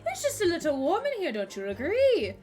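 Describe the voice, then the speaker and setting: Brief: woman voicing a jittery sweating Irish witness, raised and loud. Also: very high-pitched, huge pitch swings, fairly quick, over music, voice pushed up, exaggerated voice. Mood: flustered. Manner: flustered, stammering. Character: nervous sweating man witness with Irish lilt.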